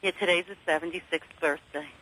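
This is a woman calling in to a radio show from Philadelphia, speaking with a Philadelphia accent. She chats quickly and breaks off to restart her sentences. Her voice is bright and forward. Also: lowish voice, fairly even intonation, low-quality recording. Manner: chatty, quick, halting restarts. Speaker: caller. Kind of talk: call-in radio chat.

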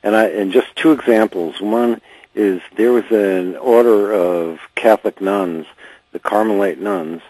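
Man, radio caller, very deep voice, raspy, halting, earnest. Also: no room sound, rough recording. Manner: halting, many fillers, then steady argument. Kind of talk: earnest call-in opinion.

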